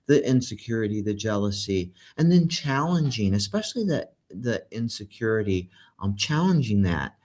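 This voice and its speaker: A man's voice: lowish voice, big pitch swings, normal speed, hardly any pauses, a little mellow. A man hosting a podcast, talking earnestly in a casual conversation and reading out listener questions. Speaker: podcast host.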